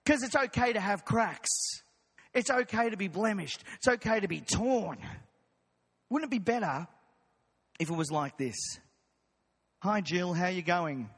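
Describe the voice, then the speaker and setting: A man preaching a lively, jokey sermon as pastor, acting out voices of his congregation. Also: high voice, moderate pace, pauses often, husky. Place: church hall. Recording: long hall reverb.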